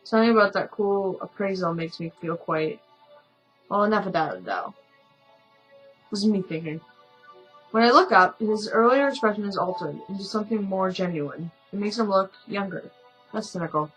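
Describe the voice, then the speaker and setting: A woman's voice: medium pitch, normal speed, fairly bright tone, faint music behind, low-quality recording. A tired woman streamer reading a story game aloud, with chatty asides and frequent self-corrections.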